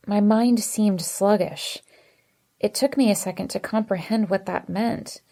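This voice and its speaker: A woman narrates a romance novel in the first person, with expressive and emotive delivery. Her voice sits in a mid range. She reads in a steady storytelling manner. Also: medium pitch, unhurried, vocal fry. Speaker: audiobook narrator.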